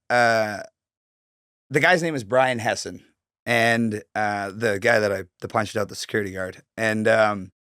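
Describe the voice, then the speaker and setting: A man's voice: medium pitch, no echo, studio quality. Profane man telling stories. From Canada. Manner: profane, animated, acts out quoted voices. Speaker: guest telling his life story. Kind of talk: casual storytelling.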